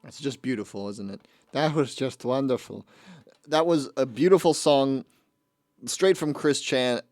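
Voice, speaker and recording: A man's voice: mid-range voice, unhurried, darkish tone, no room sound. A man hosting his own radio show, chatting casually between songs in a rambling, amused way and often correcting himself mid-sentence. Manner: rambling, amused, with frequent restarts and self-corrections.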